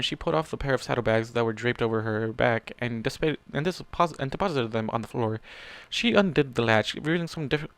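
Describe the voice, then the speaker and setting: A man reads fan fiction aloud in a plain, steady way. He drops in casual asides and corrects his own slips. His voice is smooth and clear, recorded dry. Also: mid-range voice, no echo. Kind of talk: story reading with asides.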